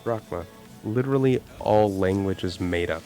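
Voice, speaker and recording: A low-voiced man with a gravelly, creaky edge, ranting on a live stream with heavy swearing and constant restarts. Faint music plays quietly under his voice. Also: normal speed. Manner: profane, animated ranting with many restarts. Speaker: streamer co-host. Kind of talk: casual live-stream chat.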